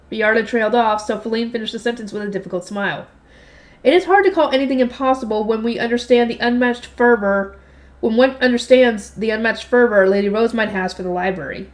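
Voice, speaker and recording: A young woman with a fairly high voice reads a light novel aloud. She gives the characters light touches of voice and now and then drops into loose, slangy commentary of her own. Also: fairly quick. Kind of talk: reading a novel aloud with casual asides.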